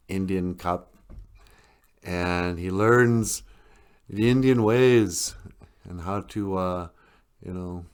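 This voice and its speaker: A man's voice: low voice, clear, resonant tone. A man hosting a podcast, casually retelling a story in a rambling, chuckling way. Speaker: podcast host.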